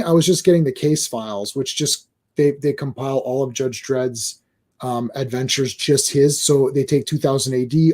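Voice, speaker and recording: A man hosting a casual livestream chat, excitable and rambling, with lots of restarts and "like". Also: mid-range voice. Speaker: host.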